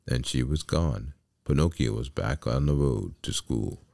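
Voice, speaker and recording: Very deep gravelly male storyteller. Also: huge pitch swings, a little slow, a little mellow, no room sound, clean studio sound. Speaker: podcast host and storyteller. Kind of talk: storybook reading.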